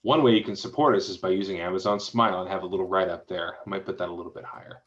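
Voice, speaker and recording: A man's voice: low voice, steady tone, racing, fairly bright tone, muffled recording. A man reviewing a website aloud in casual, encouraging feedback, thinking through each suggestion as he goes, heard over a video call. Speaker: web design reviewer.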